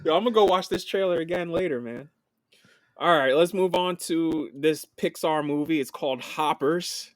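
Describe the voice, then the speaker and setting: A man co-hosting a film podcast in casual chat, animated, laughing often and swearing freely. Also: on the high side, moderate pace, no room sound. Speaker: podcast co-host.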